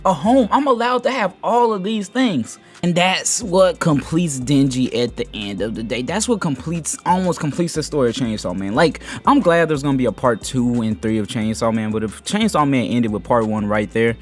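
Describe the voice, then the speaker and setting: A man giving casual anime commentary, rambling and animated, with lots of fillers. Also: medium pitch, moderate pace, few pauses, soft background music. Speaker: anime video host.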